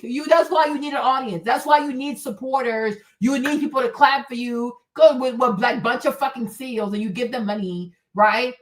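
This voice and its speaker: A woman hosting a stream, ranting bluntly and profanely, mocking whiners and urging faith. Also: high voice. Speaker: host. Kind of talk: uncensored motivational rant. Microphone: streaming mic.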